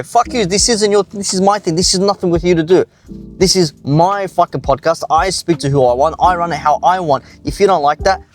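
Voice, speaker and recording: Australian male commentator, fired-up profane rant, slightly higher voice, faint music bed underneath. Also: fairly quick. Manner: angry, profane, emphatic. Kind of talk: ranting commentary.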